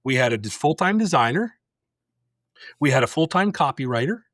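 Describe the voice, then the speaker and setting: A middle-aged man hosting a podcast delivers a casual story in a blunt, intense, direct manner, acting out each line of dialogue. His mid-range voice is sing-song and fairly bright, at a normal speed. The sound is dry and of studio quality.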